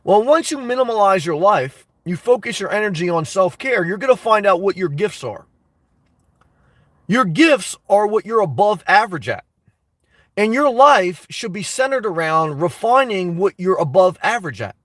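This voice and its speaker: A man's voice: high voice, lively intonation, moderate pace, a bit bright, no echo, far from the mic. A man hosting a casual live stream, answering viewer comments in an emphatic way that repeats his points and breaks into laughter between remarks. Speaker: YouTube host answering live chat.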